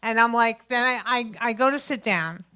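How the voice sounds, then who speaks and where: A woman's voice: a little high, moderate pace, smooth. Grandmother doing chatty stand-up storytelling. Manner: chatty, animated retelling with acted-out quotes. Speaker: stand-up comedian. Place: open mic stage at a local venue.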